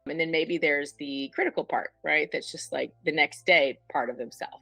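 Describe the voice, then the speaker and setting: A woman's voice: deep voice, moderate pace, gravelly, hardly any pauses, sharp tone, no echo, faint music behind, low-quality recording. A woman therapist on a panel, explaining ideas with vivid acted-out examples. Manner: explanatory, illustrative, acts out examples. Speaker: couples therapist. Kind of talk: panel discussion.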